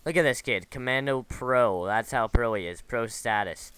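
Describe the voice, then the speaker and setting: Over gameplay, a man talks loosely at a normal pace, his mid-range voice fairly bright, while a little hiss or hum sits in the background. His commentary wanders into tangents, peppered with fillers and false starts.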